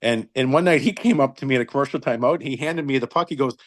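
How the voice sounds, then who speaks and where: A man's voice: a little high, quick pace, hardly any pauses. A man in his fifties, a retired hockey linesman, telling stories casually and acting out the quotes. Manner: animated storyteller, acts out quotes. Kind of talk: casual storytelling.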